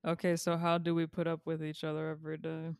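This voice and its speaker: A woman's voice: low-pitched, monotone, fast talker, creaky, a little mellow, smooth, no echo. A woman co-hosting a casual podcast with her sisters, dry and unbothered as she reads listener mail.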